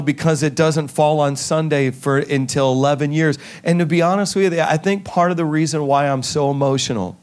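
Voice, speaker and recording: A man preaching as a pastor in a large church, earnest and emotional, moving between a half-sung scripture reading and soft heartfelt talk. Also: medium pitch. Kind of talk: sermon.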